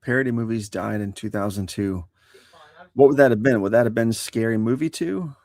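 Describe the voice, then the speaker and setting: A man co-hosting a live-streamed podcast, giving laid-back, measured opinions in casual chat. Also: mid-range voice, a little mellow, dry recording. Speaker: podcast co-host.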